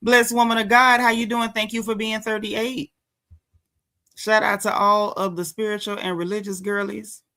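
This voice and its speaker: A woman hosting a casual live stream, chatty and slangy, shouting out viewers by name. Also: medium pitch, level tone, normal speed. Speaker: host of a celebrity gossip live stream.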